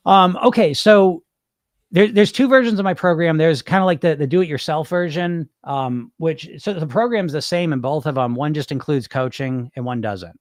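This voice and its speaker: A man's voice: a little high, normal speed, dry recording. Casual, cursing man in a dry room. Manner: loose, rambling, swears casually. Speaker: weight loss hypnosis coach, podcast host. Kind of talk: casual live Q&A with viewers.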